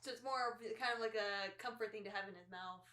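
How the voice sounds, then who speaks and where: A woman's voice: medium pitch, quick pace, pushed and bright, echoey room. A woman chatting casually over a movie and thinking aloud as she talks. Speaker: film commentator. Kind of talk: casual movie commentary chat.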